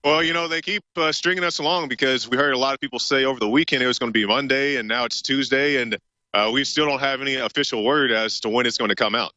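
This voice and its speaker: A man reporting live from the field talks quickly and casually, with plenty of "uh" fillers. His bright voice comes through a dull, lo-fi remote line. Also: medium pitch, dry recording.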